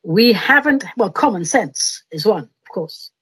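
A woman's voice: medium pitch, lively intonation, a little slow, a bit bright, slightly rough, no room sound. A woman hosting a podcast, chatting playfully and reading her own silly poetry aloud in a self-mocking way. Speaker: podcast host. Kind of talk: casual chat and comic poetry reading.

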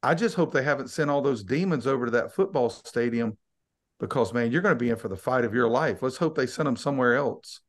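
A man's voice: mid-range voice, expressive, a little fast. Teasing male podcast co-host. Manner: teasing, storytelling. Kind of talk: casual chat.

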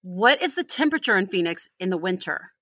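Chatty middle-aged Texan woman, podcast co-host, bright voice, dry close sound. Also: lowish voice, sing-song, fairly quick, no room sound. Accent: Texas. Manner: chatty, laughing, loses her train of thought. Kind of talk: casual podcast chat.

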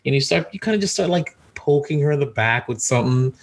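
Husky, teasing man in banter. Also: medium pitch, lively intonation. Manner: teasing and crude, quick to laugh. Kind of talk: casual podcast banter.

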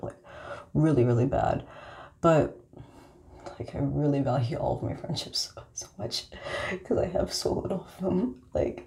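Low gravelly young woman, rambling and profane. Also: mellow. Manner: rambling, profane, heavy use of filler words. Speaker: vlogger. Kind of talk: casual confessional monologue.

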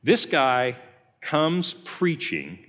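Speaking very slowly, a man with a voice on the high side and a fairly bright tone swings widely in pitch. As pastor, he delivers a conversational teaching sermon at a Bible study, narrating the story and performing the quoted lines, with long hall reverb.

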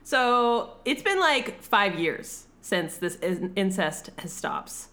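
Woman co-host, unhurried and expressive, profane and animated while recapping a movie. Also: mid-range voice. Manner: animated, profane storytelling, acts out quotes in voices. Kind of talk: casual chat recapping a film.

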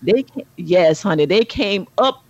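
A middle-aged woman co-hosting a casual chat show, telling stories animatedly and jumping to high exclamations. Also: lively intonation, unhurried, darkish tone, dry recording, muffled recording. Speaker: podcast co-host.

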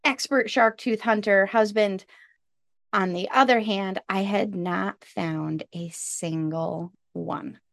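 A woman in her thirties, a podcast guest, telling a casual story with lively jumps in pitch when she quotes people. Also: slow pace, vocal fry, dry recording, clean studio sound.

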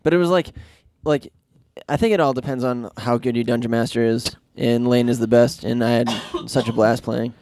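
A man's voice: medium pitch, steady tone, normal speed, darkish tone, no echo. Laid-back man on a podcast. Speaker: podcast co-host. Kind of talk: casual chat.

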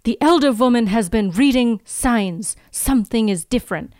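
A woman's voice: a little high, animated, moderate pace, a little mellow, dry recording, clean studio sound, natural voice. A woman playing a stern, angry old foreign man in a heavy put-on accent, reading lines aloud on a podcast.

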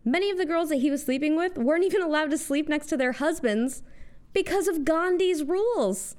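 A young woman with an American accent delivers a scripted comic monologue in a high, bright-toned voice. She lands sarcastic asides with punchy timing, swinging her tone up and down for effect. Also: animated, fairly quick. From United States. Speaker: host.

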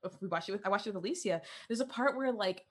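A woman's voice: mid-range voice, slightly rough. Chatty young woman podcast co-host. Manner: animated, quick to laugh, lots of fillers. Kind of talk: casual chat.

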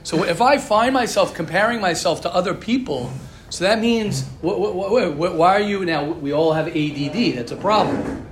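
A man with a high voice leads a religious class in a motivational style. He drives his points home by repeating phrases and addressing students directly. The sound is roomy and echoey. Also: moderate pace, slight background noise. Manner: emphatic, repeats key phrases, speaks straight to students. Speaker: teacher leading a religious class. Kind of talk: animated motivational class talk. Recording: echoey room.

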